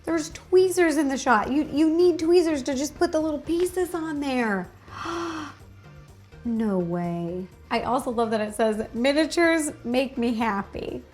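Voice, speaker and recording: A bubbly woman with a high, bright voice reacts to clips at home, gushing over everything and gasping with delight. Soft music sits quietly behind her. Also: a little slow. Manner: gushing and excitable, frequent gasps and delighted exclamations. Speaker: host reacting to videos. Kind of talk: casual reaction commentary.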